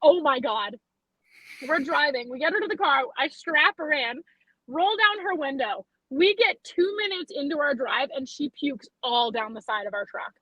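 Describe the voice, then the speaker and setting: Bright, high-voiced chatty young woman. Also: moderate pace, dry recording, poor audio. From Alberta, Canada. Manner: chatty, profane, animated storyteller. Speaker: podcast guest, western photographer. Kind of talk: casual chat, storytelling.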